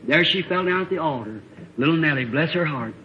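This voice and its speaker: A man preacher telling a story in a folksy, plain-spoken sermon that builds to shouts, on a dull lo-fi old tape. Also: fairly high pitch, expressive, brisk, a little hiss or hum.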